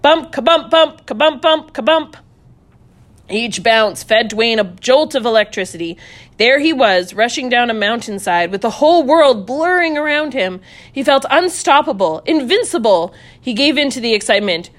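A woman reading a children's story aloud, playful and animated, voicing sound effects as she goes. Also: on the high side, moderate pace.

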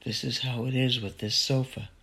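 A man voicing a calm, kindly woman doctor who speaks gently and reassuringly. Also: medium pitch, moderate pace.

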